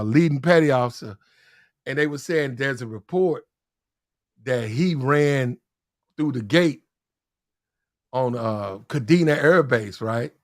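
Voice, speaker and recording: A man telling a rambling story in casual slang on a podcast, often restarting his sentences. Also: fairly high pitch.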